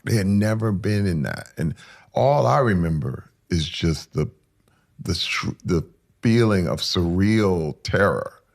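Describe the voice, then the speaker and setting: A man in his forties telling a painful personal story in rough, casual speech that builds to loud intensity. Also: fairly low pitch.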